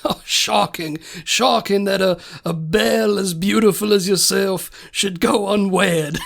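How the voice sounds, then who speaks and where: A man playing a pompous, flirtatious Southern gentleman lawyer in a put-on Southern accent, courtly and florid. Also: sits high, fairly even intonation, takes it slowly, gravelly, heavily acted. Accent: put-on American Southern. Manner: florid, courtly, overly polite. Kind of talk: improvised comedy role-play.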